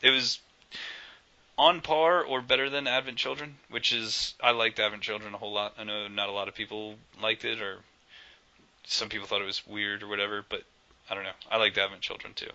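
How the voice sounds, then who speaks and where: Bright-voiced man rambling on a podcast. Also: lowish voice, flat delivery, fairly quick, lo-fi sound. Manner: rambling, jokey, lots of fillers and restarts. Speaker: podcast co-host. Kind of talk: casual gaming podcast chat.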